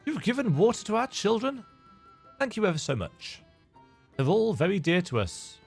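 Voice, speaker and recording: A man's voice: high voice, sing-song, normal speed, creaky, husky, soft background music, pitched above the performer's own voice, full character voice. A man voicing a mischievous, fun-loving pixie fairy in a video game, reading its lines aloud in a sing-song, teasing way with an attempted Scottish lilt. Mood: grateful.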